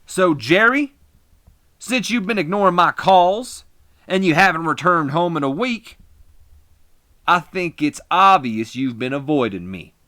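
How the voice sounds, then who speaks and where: A man voicing a brash, cocky male wrestler cutting a loud, taunting ring promo. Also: a little high, lively intonation, a little slow, dry recording, studio quality, voice pushed up. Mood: defiant.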